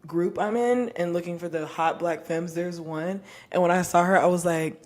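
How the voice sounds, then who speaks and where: A woman's voice: lowish voice, fairly even intonation, normal speed, hardly any pauses. A tipsy woman co-hosting a podcast at home, joking bluntly and swearing in loose, casual chat. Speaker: podcast co-host.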